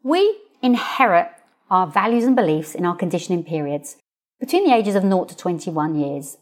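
A woman hosting her own podcast as a coach, talking straight to listeners with expressive, playful storytelling. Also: lowish voice, normal speed. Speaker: podcast host, coach and hypnotherapist. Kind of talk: solo podcast monologue.

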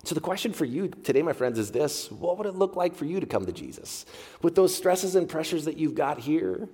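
A middle-aged pastor preaches a heartfelt sermon in a church sanctuary, leaning on repeated phrases. His voice is a little high, dark, and husky, with big pitch swings at normal speed. Long hall reverb surrounds the recording.

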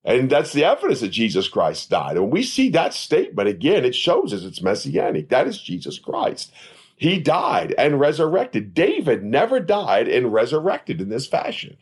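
A man's voice: medium pitch, wildly swooping pitch, normal speed, husky. A man teaching a Bible study on his podcast, preaching earnestly and quoting scripture in old-fashioned wording. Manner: earnest preaching with rising emphatic peaks.

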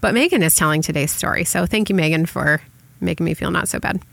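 A woman's voice: lowish voice, quick pace, vocal fry, fairly bright tone, no room sound. A woman hosting a parenting podcast with friends, chatting in an upbeat and self-deprecating way. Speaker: podcast host. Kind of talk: casual podcast chat.

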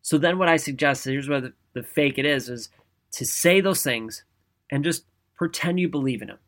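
Male motivational speaker, fairly high, bright voice, lively and conversational. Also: moderate pace. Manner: energetic, conversational, often asks "right?". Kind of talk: motivational talk to camera.

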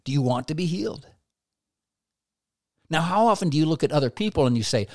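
A man preaching a devotional sermon who puts direct questions to the listener and swings between loud emphasis and soft, low asides. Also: animated, fairly quick, long pauses, dry recording, clean studio sound.

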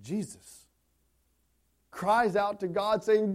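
A male pastor preaching a sermon, swinging between hushed, tender passages and impassioned climbs. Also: high voice, animated, slow pace.

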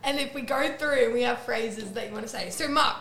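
A woman's voice: on the high side, fairly quick, a bit bright. Upbeat young woman coaxing a group. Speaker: teacher leading children in an activity. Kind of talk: playful group activity with children. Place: indoor room with a group of children. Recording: echoey room with noticeable background noise.

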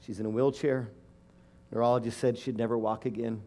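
A man's voice: mid-range voice, level tone, a little fast, mellow. A middle-aged man preaching a sermon and telling a personal story, emotional and emphatic, rising to fervent declarations.

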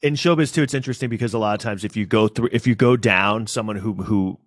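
Male podcast co-host, dry close mic, casual and animated, curses freely. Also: lowish voice, quick pace, no echo. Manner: animated, swears, mimics people in quoted voices. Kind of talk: casual chat.

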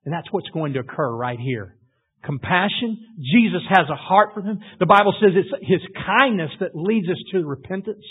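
A man preaching a sermon, retelling scripture in a storytelling way and building to loud emphasis. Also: high-pitched, animated, normal speed, breathy edge. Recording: tinny phone-like audio.

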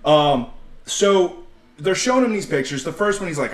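Man, high voice, animated storyteller, casual podcast chat, roomy echo. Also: moderate pace. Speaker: podcast co-host. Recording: echoey room, distant mic.

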